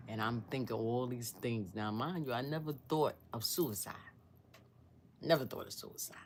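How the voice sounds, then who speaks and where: Woman, sixties, storytime vlogger, devout, rambling, hushed at times. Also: extremely low pitch, moderate pace, a little hiss or hum. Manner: rambling, searching for words, drops to a hushed near-whisper; earnest and devout. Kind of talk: emotional personal storytime.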